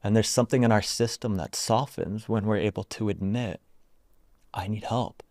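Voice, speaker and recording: A man with a fairly low voice tells a story in a relaxed interview. He talks softly and haltingly, with many "like"s. The recording is close and dry. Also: no echo. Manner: soft-spoken, halting, full of "like". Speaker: retreat founder and guest.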